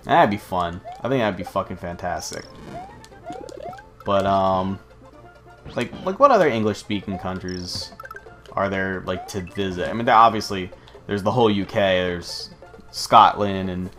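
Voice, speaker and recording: A man's voice: deep voice, animated, a little slow, long pauses, a bit bright, soft background music. An American man giving rambling gameplay commentary, swearing often and drifting between stories and the game. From United States. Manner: rambling, profane, easily sidetracked. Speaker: let's play host.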